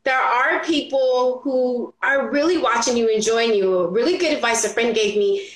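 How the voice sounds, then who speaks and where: Animated woman entrepreneur, high and bright, casual guest chat in a roomy space. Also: moderate pace. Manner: animated, acts out her own and others' quotes with laughs. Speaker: entrepreneur guest on a business talk show. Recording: roomy echo.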